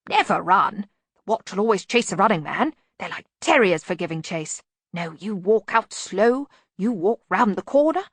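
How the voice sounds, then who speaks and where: A woman reading an audiobook voices a neat, precise veteran thief with a soft, half-whispered voice. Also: mid-range voice, breathy edge, no echo. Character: neat, precise older thief, calm and fussy.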